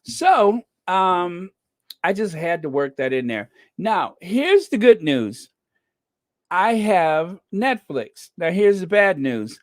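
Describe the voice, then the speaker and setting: Slow, chatty live stream host. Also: male voice, sits high, sing-song, no echo, clean studio sound. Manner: chatty, greets viewers by name, jokey asides. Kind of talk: casual live chat.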